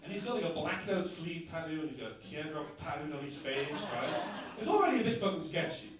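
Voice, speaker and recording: A young man performs stand-up in a comedy club, his voice riding high and lively as he chats through a story. He keeps checking in with the audience, pausing on "right?" between beats. The sound is boomy and a little distant, with a crowd laughing around him. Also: heavy reverb. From northern England.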